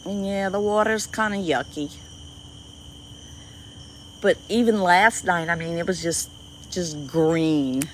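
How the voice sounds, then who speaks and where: A woman with a Cajun accent and a squeaky voice, chatting casually with viewers on a livestream from an outdoor dock at night. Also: slow, pauses often, slight background noise, rough recording. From Louisiana. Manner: chatty, greets viewers by name, easily delighted. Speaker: livestream host. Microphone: phone livestream.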